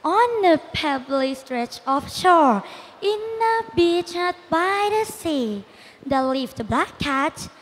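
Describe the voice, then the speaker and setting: A young woman narrating a school readers' theatre piece carefully and clearly. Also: high voice, animated, slow pace, big-room sound. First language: Thai.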